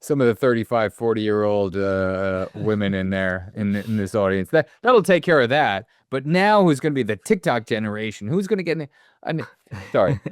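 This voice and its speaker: A man's voice: on the low side, moderate pace, dry recording, studio quality. A man co-hosting a movie podcast, talking casually in long, rambling, profane riffs. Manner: rambling, profane, animated asides. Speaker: podcast co-host.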